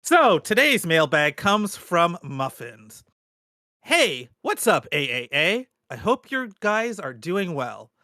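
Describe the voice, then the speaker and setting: A man co-hosting a podcast, reading a listener letter aloud in an animated, emphatic way. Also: high voice, slow pace, dry recording, clean studio sound. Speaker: podcast co-host.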